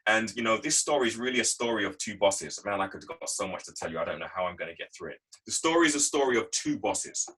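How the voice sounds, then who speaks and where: Husky and fairly bright, his low-leaning voice rushes along animatedly with hardly any pauses. He's an English guest speaker giving a motivational talk over a video call, repeating points emphatically as he tells stories from his working life. The recording is low quality.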